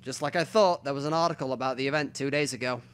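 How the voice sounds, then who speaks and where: Hosting a let's play, a man reads a visual novel aloud, murmuring quiet asides to himself between stretches of narration. His medium-pitched voice is clean and he talks fast.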